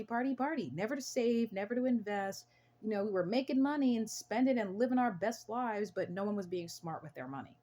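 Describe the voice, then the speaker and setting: A woman's voice: mid-range voice, darkish tone. A young American woman talking to camera on her own channel, earnest and emphatic, often repeating herself for emphasis. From United States. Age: young adult. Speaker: channel host. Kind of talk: casual to-camera talk.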